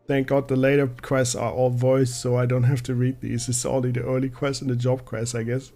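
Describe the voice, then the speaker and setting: A male game streamer chats offhandedly between story scenes, joking at his own expense. His voice sits at an everyday middle pitch. Soft game music runs faintly underneath. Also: flat delivery, brisk, hardly any pauses. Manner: offhand, self-deprecating chatter. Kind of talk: casual live-stream commentary.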